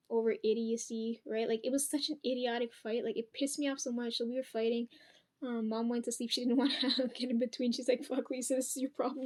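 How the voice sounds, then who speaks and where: A young woman with a hoarse voice tells a rambling, profane personal story at home, with many ums and restarts. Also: a little high, a bit bright. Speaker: vlogger.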